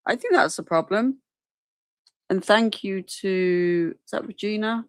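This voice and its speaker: A woman's voice: mid-range voice, measured pace, no echo, studio quality. A woman co-hosting a livestream, chatty and reading out the chat. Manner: chatty, reads and thanks the chat. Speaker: livestream co-host.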